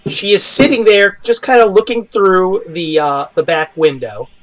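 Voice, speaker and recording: A male game master with a high-pitched voice narrates a fantasy battle, rolling through the action in a halting way. He pauses often with ums and uhs as he describes each hit and miss. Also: fairly bright tone. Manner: halting, with many fillers.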